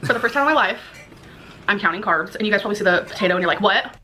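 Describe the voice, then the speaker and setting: Bright-voiced woman vlogging at home. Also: medium pitch, animated, racing, slight background noise, poor audio. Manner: chatty, explains food as she goes. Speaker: vlogger in a played clip. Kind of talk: casual vlog and mukbang talk. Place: home kitchen with window open.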